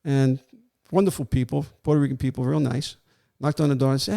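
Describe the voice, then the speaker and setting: An older man, a retired police warrant officer, tells a story in a casual interview, animatedly acting out the voices of the people in it. His gravelly voice is on the high side, and he talks fast with hardly any pauses.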